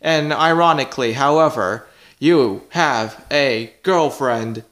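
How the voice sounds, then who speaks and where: A man voicing a boastful robot cat from the future in a plushie comedy video, talking in a slow, halting way and making clicking "ch ch" noises. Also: medium pitch, a bit bright.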